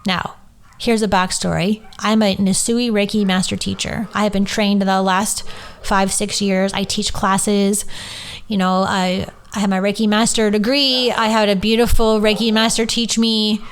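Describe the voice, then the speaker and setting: Smooth-voiced woman telling a raw story. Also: mid-range voice, little pitch movement, normal speed. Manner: candid and emotional, swears freely. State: holding back tears. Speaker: podcast host and Reiki teacher. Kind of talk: personal storytelling monologue.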